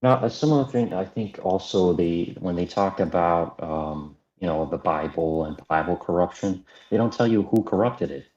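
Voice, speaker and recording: A man's voice: sits low, moderate pace, hardly any pauses, a little mellow. A man calling in to a talk show, chatting casually in an agreeable, laid-back way. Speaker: caller. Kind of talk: casual call-in chat. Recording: dull, echoey call audio.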